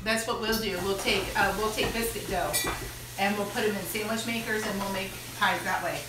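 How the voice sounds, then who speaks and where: A woman's voice: mid-range voice, brisk, distant mic. An American woman and mother co-hosting a casual family live chat, telling cooking stories in a chatty way. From United States. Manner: chatty storyteller, lively quoted asides. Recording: echoey room, off-mic, kitchen noise.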